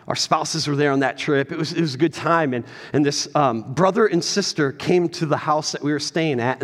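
A middle-aged man preaching a sermon as a pastor, telling a personal story with animated quotes. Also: a little high, big-room sound.

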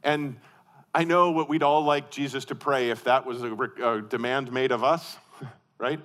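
A man preaching a sermon, asking rhetorical questions and swinging from forceful emphasis to hushed intensity, often repeating and restarting his phrases. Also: medium pitch, normal speed. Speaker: pastor.

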